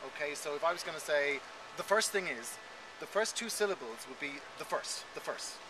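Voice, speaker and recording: A man who works as a voice coach, explaining his craft in an animated, demonstrative way during an interview recorded outdoors. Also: fairly high pitch. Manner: animated, demonstrative, quick delivery. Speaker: voice coach guest. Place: outdoors in an urban area. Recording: outdoor street noise with passing traffic.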